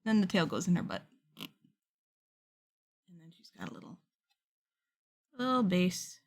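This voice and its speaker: A woman's voice: fairly low pitch, wildly swooping pitch, unhurried. A woman chatting casually and rambling a little while she paints a small figure on a livestream. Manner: chatty, rambling, laughs easily. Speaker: art streamer.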